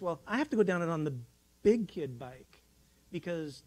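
A man's voice: on the high side, animated, normal speed, dark tone, low-quality recording. A man preaching in a church, talking in a folksy, rambling way with many restarts as he tells a childhood story. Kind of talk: sermon. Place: church sanctuary.

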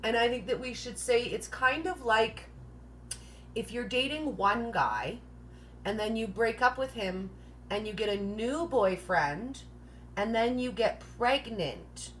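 A woman's voice: a little high, expressive, slow, a little hiss or hum. Woman, casual live-stream host, joking, laughs often, lots of 'like', chatty. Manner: filler-heavy, says 'like' constantly.

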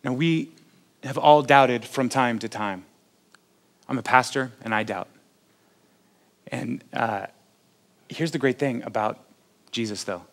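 A man's voice: mid-range voice, slow pace, pauses often, a bit bright. A man, a pastor preaching a sermon in a conversational, self-deprecating, joking way.

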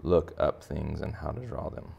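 A man's voice: very deep voice, fairly even intonation, moderate pace, gravelly, mellow, husky. A man teaching a drawing lesson for kids in a playful, jokey, conversational way. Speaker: art teacher.

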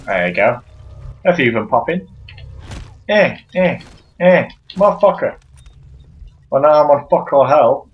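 Swearing man yelling through a game. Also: a little high, animated, unhurried, pauses often, lo-fi sound. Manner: profane, frustrated outbursts and shouting at enemies. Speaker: gamer playing through a shooter. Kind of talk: let's play commentary.

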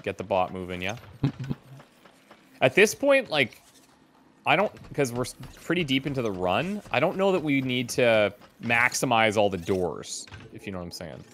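A man's voice: mid-range voice, big pitch swings, unhurried, fairly bright tone, a little hiss or hum. A man chatting easily and calling out moves while playing a co-op video game, over game music. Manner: easygoing, calls out plays. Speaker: co-op game commentator. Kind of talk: casual let's-play chat.

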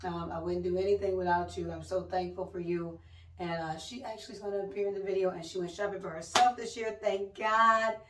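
A middle-aged woman, a mother and vlogger, telling stories in casual, chatty talk with lively exclamations. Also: on the low side, fairly quick, very noisy. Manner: chatty storytelling, exclaims "oh my God". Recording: roomy, mic a bit distant.

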